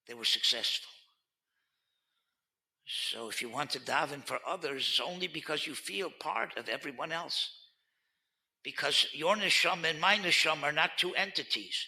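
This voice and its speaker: A man's voice: on the high side, pushed and bright. A man giving a Torah talk as a rabbi, earnest and teacherly, who drops in Hebrew terms and pushes hard on key words. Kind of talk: Torah lecture on current events.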